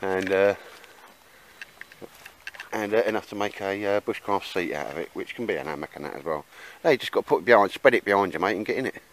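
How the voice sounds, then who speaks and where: A man's voice: sits low, lively intonation, quick pace, slight background noise, poor audio. A man chatting casually in a rambling way with lots of fillers while he shows his camp gear outdoors in the woods. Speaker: bushcraft vlogger.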